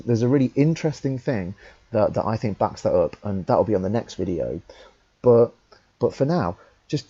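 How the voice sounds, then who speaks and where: A young man teaching, talking through a text in a relaxed, conversational way with fillers and restarts. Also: on the low side, gravelly, slightly rough, dull audio. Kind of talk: talkthrough lesson.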